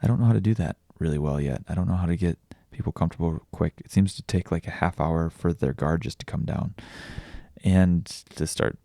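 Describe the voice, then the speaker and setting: A young adult man talking candidly in a personal vlog, halting and confessional, swearing often. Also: low-pitched, creaky, mellow, dry recording, clean studio sound. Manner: raw, halting, confessional, with frequent swearing and restarts. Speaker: vlogger and podcaster.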